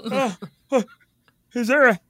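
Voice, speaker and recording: A flustered, eager man improvising a scene with a high voice. He stammers and restarts often. His tone is bright, and the sound is dry and close. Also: no echo. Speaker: improv performer, restaurant worker.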